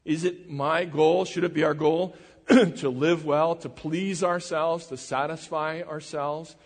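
A man preaching a sermon in an earnest, measured way, often dropping his voice low for emphasis. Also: fairly even intonation. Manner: earnest, measured preaching with dramatic drops in volume. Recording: reverberant hall.

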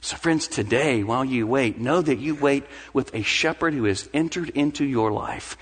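A man's voice: mid-range voice, normal speed, husky. A young adult man preaching a sermon as pastor. He speaks earnestly and repeats phrases for emphasis. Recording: long hall reverb.

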